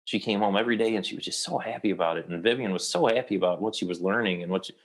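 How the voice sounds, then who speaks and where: A man's voice: fairly low pitch, rapid-fire. A young adult man, an actor, telling a long personal story in a casual interview and rambling with many restarts.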